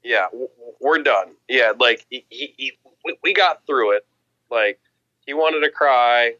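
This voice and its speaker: An American man chatting casually on a stream, animated and quoting others in put-on voices. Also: medium pitch, unhurried, no room sound, dull audio. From United States. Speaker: guest streamer. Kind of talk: casual chat.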